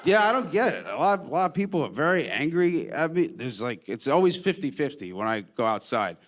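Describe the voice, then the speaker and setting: A male comedian on stage with a slightly high voice that swings widely in pitch. His delivery is rambling and animated, full of false starts. The live recording carries clear background noise. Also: brisk, a crowd in the background. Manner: animated, jumps into exaggerated voices for quoted people. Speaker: stand-up comedian. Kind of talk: stand-up comedy set.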